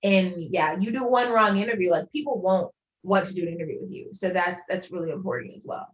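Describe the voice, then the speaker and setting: A woman journalist, a guest on a podcast, talking in a relaxed, casual way with many "like"s. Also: lowish voice, fast talker, lo-fi sound. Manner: relaxed, filler-heavy, frequent "like". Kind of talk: casual interview conversation.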